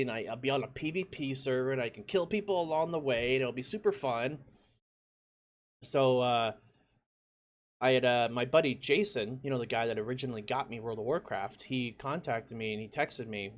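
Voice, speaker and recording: A man at a mid pitch tells a gaming story in a loose, rambling way, leaning on filler words as he goes. When he acts out his own reactions he bursts into loud, excited shouts. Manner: lots of "like" fillers, conversational. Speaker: gaming YouTuber. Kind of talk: casual storytelling.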